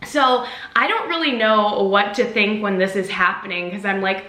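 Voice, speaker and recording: Bright chatty young woman vlogger. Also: mid-range voice, expressive, normal speed. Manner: chatty, full of "like" and "um". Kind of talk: storytime vlog. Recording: roomy echo.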